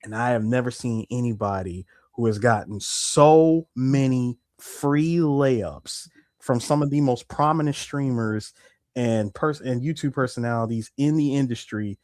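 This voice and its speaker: A man co-hosting a casual gaming podcast in an emphatic, animated way. He laughs often and restarts his sentences as he builds his point. His voice sits mid-range, and the recording is close and dry. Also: medium pitch, measured pace, no room sound. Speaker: podcast co-host. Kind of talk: casual chat.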